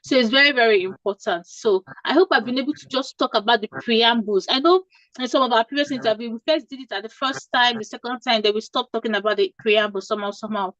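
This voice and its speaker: Emphatic high-voiced woman coaching nurses. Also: fast, a bit bright, no echo, highs cut off. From Nigeria. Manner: emphatic, repeats points, asks "okay?". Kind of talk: informal advice talk.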